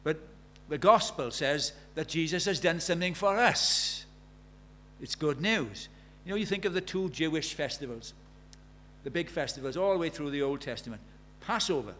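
A man's voice: on the high side, a bit bright, slight background noise. A man preaching a sermon, emphatic, repeating key phrases and asking the listeners rhetorical questions.

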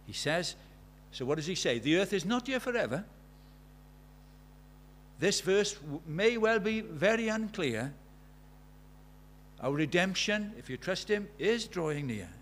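An earnest preacher delivers a sermon full of stories and questions to his listeners. His voice sits a little higher than most men's. Faint noise lies under the recording. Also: expressive, measured pace, fairly bright tone. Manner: earnest, storytelling, asks many questions.

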